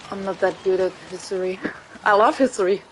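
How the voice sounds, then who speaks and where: A woman's voice: mid-range voice, brisk, slight background noise, low-quality recording. Chatty German woman streaming a game. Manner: chatty, rambling, laughs often. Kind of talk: casual chat while gaming.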